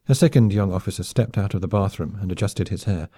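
A man narrating an audiobook in a brisk, wry storytelling manner. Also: sits low, mellow, slightly rough, no echo. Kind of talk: scripted narration.

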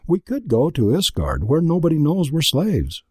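A man's voice: fairly high pitch, huge pitch swings, normal speed, slightly rough, no echo, clean studio sound, pitched above the performer's own voice, heavily acted. A man voicing an eager, bitter young slave. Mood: fierce, eager. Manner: fierce, earnest.

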